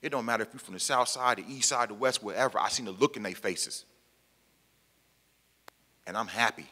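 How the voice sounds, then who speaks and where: A man's voice: on the low side, brisk, pushed and bright. A man from the Pacific Northwest who was formerly incarcerated, speaking emphatically to an audience in a meeting hall and repeating his key lines in plain, colloquial speech. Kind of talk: impassioned public talk to an audience. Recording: long hall reverb.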